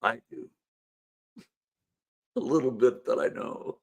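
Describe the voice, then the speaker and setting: A man's voice: medium pitch, slow pace, creaky, breathy edge. A man hosting a casual live-stream panel show, laid-back and chuckling as he coaxes guests to join. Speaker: livestream show host.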